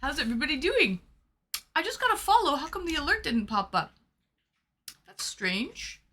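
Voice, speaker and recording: Bright high-voiced woman greeting viewers. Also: sing-song, normal speed. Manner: playful, greets viewers one by one, calls them sweeties. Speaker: livestream host. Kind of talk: casual livestream chat. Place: small room.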